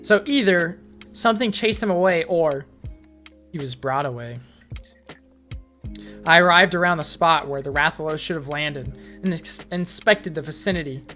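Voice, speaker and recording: A woman reads fan fiction aloud in a casual live-stream manner. Her voice sits on the low side, and she breaks in with blunt, profane side comments. Soft music plays faintly underneath. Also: moderate pace, long pauses.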